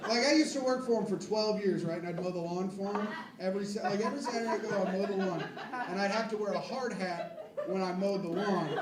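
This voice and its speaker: High-voiced crude stand-up man in echoey club. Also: distant mic, very noisy. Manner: crude, self-deprecating, rambling with quick asides to the crowd. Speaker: stand-up comedian. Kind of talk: stand-up comedy set. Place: comedy club stage with a live audience. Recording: echoey club miked from afar, loud crowd.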